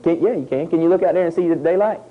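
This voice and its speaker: A man, teaching a group of children outdoors, telling a lively story with sound effects. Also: a little high, rapid-fire, narrow, tinny audio. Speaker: environmental educator. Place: outdoors at a nature center.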